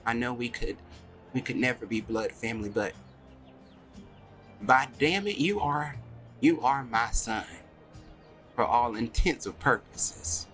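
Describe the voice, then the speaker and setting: A man's voice: medium pitch, measured pace, long pauses, fairly bright tone, soft background music, natural voice. A man voicing a doting, tearful motherly woman in a tabletop game, pleading and emotional. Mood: tender, earnest. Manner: pleading, emotional, sobbing outbursts. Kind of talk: tabletop role-play character voice.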